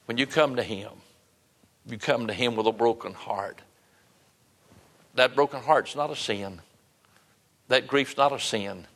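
A man's voice: medium pitch, a little slow, vocal fry, pauses often, a bit bright, big-room sound. A man preaching a sermon and leading an altar call, earnest and pleading, repeating his phrases for emphasis. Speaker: pastor.

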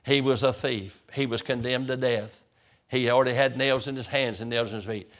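A man's voice: mid-range voice, steady tone, normal speed, fairly bright tone. A man, a pastor, preaching a sermon as vivid storytelling, often stammering over the first words of a sentence.

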